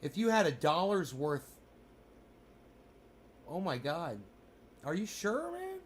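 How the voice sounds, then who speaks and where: A man's voice: high voice, huge pitch swings, takes it slowly, a little hiss or hum. A man casually commenting live, rambling and swearing as he talks to his viewers. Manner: rambling, profane, talking to chat. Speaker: crypto livestreamer.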